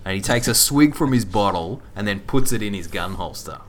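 A man's voice: fairly low pitch, expressive, fairly quick, slight background noise. A man co-hosting a casual film podcast, eagerly explaining trivia. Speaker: podcast co-host.

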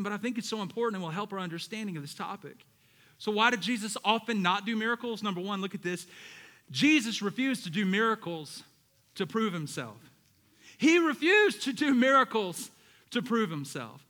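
A male pastor preaching a sermon, moving between loud emphatic lines and low storytelling and acting out Bible characters in casual voices.

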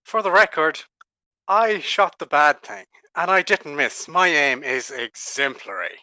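A man doing a smug adventurer in a tabletop game, bragging in a high, bright, loud voice. He sounds pleased with himself and stretches his words out, close to a dry mic. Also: lively intonation, measured pace, dry recording, full character voice. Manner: boastful, smug. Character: cocky young adventurer man.

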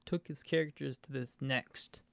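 Gravelly, laid-back man using slang. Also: medium pitch, steady tone, normal speed. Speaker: podcast co-host reviewing stories. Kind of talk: casual chat.

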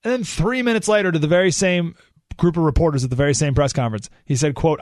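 A man hosting a talk radio show, delivering an animated monologue full of rhetorical questions and sarcasm. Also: a little high, quick pace, dry recording, studio quality.

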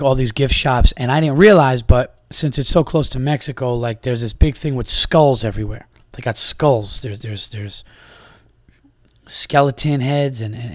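A man hosting his own podcast, talking casually and a little hoarse from a sore throat, telling a rambling, profane story with lots of restarts. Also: medium pitch, no room sound, clean studio sound. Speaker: podcast host and comedian.

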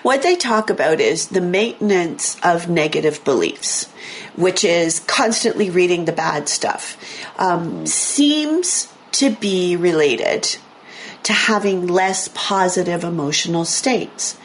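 A woman hosting a radio talk show, explaining brain science in a chatty, self-correcting way, her voice a little hoarse. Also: lowish voice, animated, slow, slight background noise. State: slightly hoarse, losing her voice. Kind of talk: casual talk radio chat. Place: radio studio.

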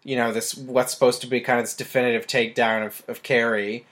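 A man's voice: medium pitch, level tone, a little fast, a bit bright. A man co-hosting a casual podcast review, talking in a rambling way full of "like" fillers. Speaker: podcast co-host. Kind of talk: casual film-review chat.

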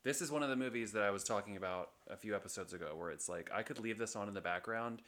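Rambling low-voiced young man. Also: quick pace, fairly bright tone. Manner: rambling, hesitant, lots of "like" and "um". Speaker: podcast co-host. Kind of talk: casual chat.

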